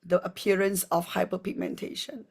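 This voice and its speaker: A woman's voice: on the low side, flat delivery, normal speed, vocal fry, darkish tone, slightly rough. A woman who presents skincare products in a live demonstration. She talks in a chatty, rambling way full of fillers.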